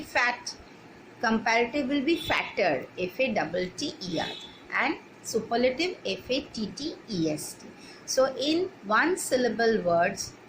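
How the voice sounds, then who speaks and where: A woman's voice: on the high side, a bit bright, a little hiss or hum, rough recording. A woman teacher giving a class lesson, explaining rules methodically and spelling words out letter by letter. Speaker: English teacher. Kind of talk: recorded online class lesson.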